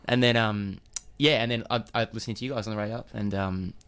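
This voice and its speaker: A man's voice: on the low side, fairly even intonation, fairly quick, fairly bright tone, clean tone. A man, a film director losing his voice, speaking hesitantly with many ums as a guest in a radio studio. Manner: hesitant, lots of ums and restarts. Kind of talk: casual radio interview guest. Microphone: studio microphone.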